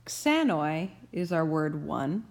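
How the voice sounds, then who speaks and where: A woman with a slightly low voice explains grammar rules to students. She speaks slowly and deliberately, stressing each key term. She sounds like a young adult teacher walking through a lesson. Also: very animated. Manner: slow, deliberate emphasis on key terms.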